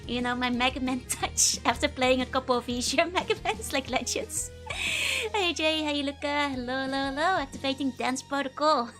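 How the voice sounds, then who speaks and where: A woman's voice: high-pitched, a bit bright. A young woman streaming a game, chatting casually and giggling as she greets viewers by name. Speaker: VTuber streamer. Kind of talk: casual live-stream chat.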